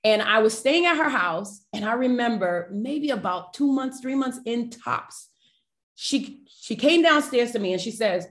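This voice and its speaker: A woman guest on a podcast, telling a personal faith story in an animated, emotional way and addressing listeners directly. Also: on the high side, measured pace. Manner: animated, emotional, acts out quoted voices.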